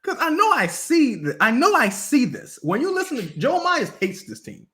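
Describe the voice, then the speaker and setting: A man co-hosting a sports podcast in casual talk, animated and laughing often. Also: very high-pitched, moderate pace. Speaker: podcast co-host.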